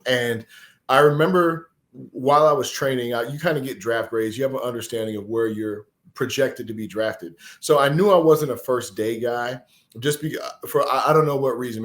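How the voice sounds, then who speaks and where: A man in his forties from Texas, a former pro football player and podcast guest, telling a personal story in an animated, earnest and emotional way. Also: medium pitch. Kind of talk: conversational storytelling.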